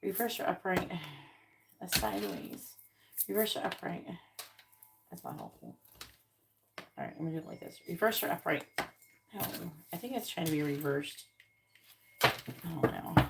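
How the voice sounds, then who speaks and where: A woman with a low, gravelly voice does a live tarot reading, murmuring the card draws over and over in between blunt, casual asides. Clicks and shuffling cards are loud behind her. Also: big pitch swings, normal speed, long pauses, very noisy. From Florida, United States. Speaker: tarot reader.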